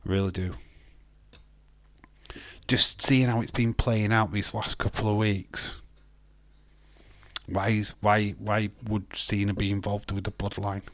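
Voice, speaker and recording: A man's voice: lowish voice, little pitch movement, measured pace, long pauses, no room sound. Chatty Yorkshire man, dry close sound. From West Yorkshire, England. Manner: chatty, swears freely, laughs often, addresses chat by name. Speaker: wrestling watch-along host. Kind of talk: casual live watch-along chat.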